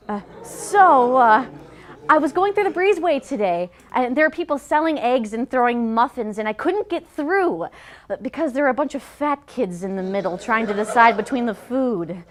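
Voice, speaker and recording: A woman's voice: on the high side, animated, moderate pace. Awkward young woman hosting a stand-up set. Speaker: host. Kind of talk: stand-up monologue. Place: studio with live audience.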